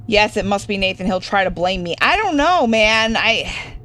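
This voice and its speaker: A woman's voice: medium pitch, expressive, moderate pace, pushed and bright. A young woman hosting a horror game playthrough, reading the game text aloud with joking asides. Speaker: gaming video host. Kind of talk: casual let's-play commentary.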